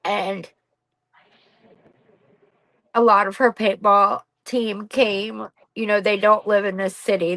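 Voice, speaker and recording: A middle-aged woman speaks candidly about her own life, blunt and unfiltered, with casual swearing. Her voice sits at an ordinary pitch and is captured dry, with no room sound around it. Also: a bit bright, no echo, poor audio. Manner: blunt and raw, swears freely. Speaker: podcast guest, bereaved mother. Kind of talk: candid personal storytelling.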